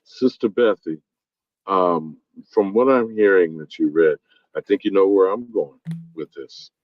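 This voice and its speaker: A man's voice: deep voice, unhurried, no echo. A man in a casual discussion, asking probing questions. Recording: dull lo-fi audio.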